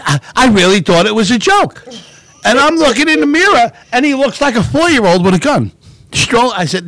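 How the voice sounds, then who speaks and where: Animated middle-aged man telling stories. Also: extremely high pitch, moderate pace, dry recording. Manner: animated, laughing anecdotal telling. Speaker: show host. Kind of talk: casual storytelling on a livestream.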